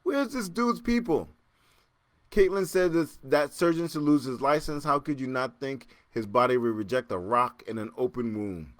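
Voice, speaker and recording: A man hosting a casual solo podcast, joking and laughing as he reacts to listener comments, jumping between loud excited bursts and low muttering. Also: normal speed, dry recording. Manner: animated, joking, laughs often, repeats himself. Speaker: podcast host.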